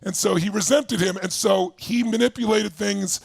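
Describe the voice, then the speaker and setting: Middle-aged male speaker, gravelly and husky, dry close sound, lively storyteller. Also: high voice, normal speed, no room sound. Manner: animated, shouting while acting out angry quotes. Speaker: motivational speaker. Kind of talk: storytelling talk to an audience.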